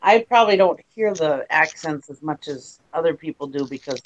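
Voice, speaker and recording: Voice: medium pitch, lively intonation, normal speed, dull audio, slight background noise. Laid-back talk host who laughs often. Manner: laughs often, easy-going. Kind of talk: casual group chat.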